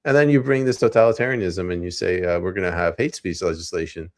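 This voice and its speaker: Man, low voice, animated storyteller, casual podcast chat. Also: quick pace. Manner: animated storyteller, acts out quotes. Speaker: podcast co-host. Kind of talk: casual political discussion.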